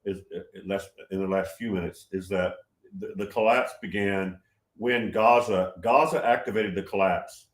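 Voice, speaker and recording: Excitable 71-year-old man in an echoey room. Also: deep voice, normal speed. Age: 70s. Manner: gets loud and excited, many restarts. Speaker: livestream host answering chat. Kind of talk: casual livestream talk.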